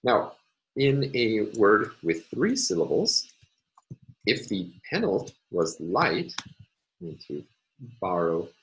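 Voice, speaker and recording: Male lecturer with a deep voice, measured and hesitant, for a recorded lesson. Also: big pitch swings, a bit bright, a little hiss or hum, rough recording. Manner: hesitant, many ums and uhs, explanatory. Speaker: university lecturer.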